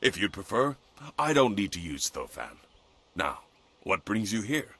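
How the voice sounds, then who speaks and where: An actor playing a stately older male weapon master in a game, speaking in a formal, measured way. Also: on the low side, sing-song, a bit bright, husky, full character voice.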